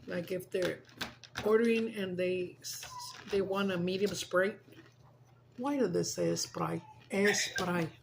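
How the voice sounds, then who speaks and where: A woman's voice: on the low side, a little slow, vocal fry, a little hiss or hum, poor audio. An older woman chatting casually to viewers while she eats, mixing English and Spanish and calling to her pets. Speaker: mukbang vlogger. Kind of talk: casual chat while eating. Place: home.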